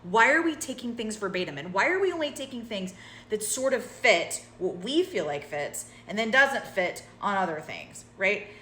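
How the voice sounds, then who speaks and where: A woman's voice: medium pitch, very animated, moderate pace, sharp tone, slight background noise. A woman talks in a casual, emphatic vlog style, often checking in with "right?". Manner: emphatic and conversational, with frequent "like" and "right?". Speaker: creator. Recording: roomy echo.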